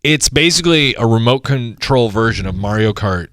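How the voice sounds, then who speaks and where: A man's voice: medium pitch, normal speed, no echo, clean studio sound. A man co-hosting a podcast, telling stories casually and laughing often. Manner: animated storytelling, laughs often. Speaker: podcast co-host. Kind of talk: casual chat.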